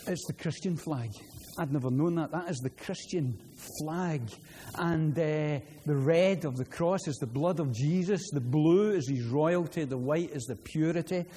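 Glaswegian preacher in an echoing hall. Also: male voice, fairly high pitch, measured pace, husky. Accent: Glaswegian Scottish. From Scotland. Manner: earnest, repeats words when excited. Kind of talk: sermon. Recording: long hall reverb, faint ambience.

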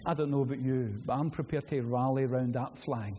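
A man with a Glaswegian Scottish accent preaching a sermon, earnest and prone to repeating words as he gets excited. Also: medium pitch, fairly quick, hardly any pauses, slightly rough. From Scotland. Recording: long hall reverb, faint ambience.

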